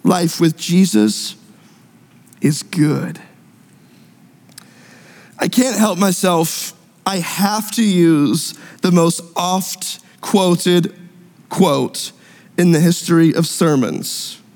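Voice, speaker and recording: A male pastor preaching a sermon in a church sanctuary, with earnest, repetitive emphasis and drawn-out key words. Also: high voice, a little mellow. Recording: long reverb in a large hall.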